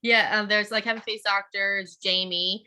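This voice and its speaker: Bubbly, bright-voiced woman interview guest. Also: mid-range voice, steady tone. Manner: bubbly, chatty, quick laughs. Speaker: guest, teacher and cosplayer. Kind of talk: casual interview chat.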